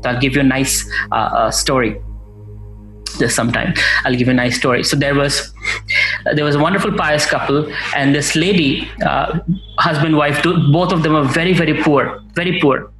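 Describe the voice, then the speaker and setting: A man giving a spiritual talk and telling a story, speaking in a halting way with many fillers and restarts. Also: a little high, fairly even intonation, fairly bright tone, reverberant, faint music behind, poor audio. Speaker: spiritual teacher.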